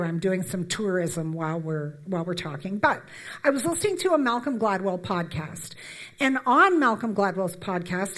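A woman in her fifties from Canada gives a relaxed, conversational sermon. She wanders into stories and asides and fills pauses with ums. Her voice sits at an ordinary middle pitch. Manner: chatty, storytelling, many fillers and asides. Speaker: church speaker.

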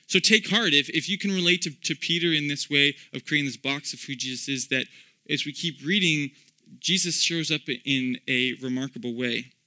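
Bright-voiced earnest male preacher. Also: fairly high pitch, normal speed. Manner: earnest, conversational, many ums and restarts. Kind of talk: informal sermon.

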